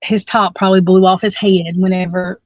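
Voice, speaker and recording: A woman's voice: fairly low pitch, little pitch movement, fairly quick, a little mellow, no echo, dull audio. A woman, co-hosting a true-crime podcast in a blunt, fired-up way, swearing freely and restarting her sentences. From Alabama. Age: 40s. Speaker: podcast co-host. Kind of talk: casual true-crime discussion.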